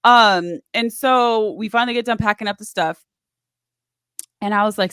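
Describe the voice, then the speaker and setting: A woman's voice: mid-range voice, moderate pace, clean tone, no echo, studio quality. A woman guest in an interview, telling her story casually and acting out what others said. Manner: animated, acts out quoted voices.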